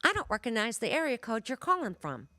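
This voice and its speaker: A woman quoting a joking, teasing man on the phone, speaking fast and a little higher than her own voice. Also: huge pitch swings, pushed and bright, no echo, clean studio sound, heavily acted. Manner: teasing, playful, quick-talking.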